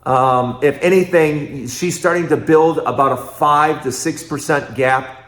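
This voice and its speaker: A man's voice: fairly high pitch, fairly bright tone. Emphatic male host in an echoey room. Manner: repetitive, emphatic, fast rhetorical bursts. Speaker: political commentary host. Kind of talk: casual political commentary.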